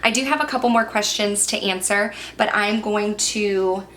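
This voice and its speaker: A woman's voice: mid-range voice, normal speed, fairly bright tone, a little hiss or hum. A young adult woman chatting through a makeup Q&A, telling stories with lots of fillers. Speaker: beauty vlogger and former teacher. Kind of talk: chatty get-ready-with-me Q&A.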